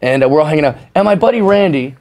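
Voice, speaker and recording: A man telling lively stories as a guest on a podcast, chatting casually and laughing along with his own tales. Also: on the high side, rapid-fire. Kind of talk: casual storytelling chat.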